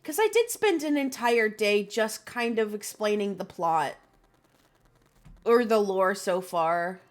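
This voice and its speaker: A woman's voice: medium pitch, lively intonation, slow pace, soft background music. A woman streamer chatting casually while playing a game, nervous and self-deprecating, swearing and restarting her sentences. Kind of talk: casual let's-play chatter.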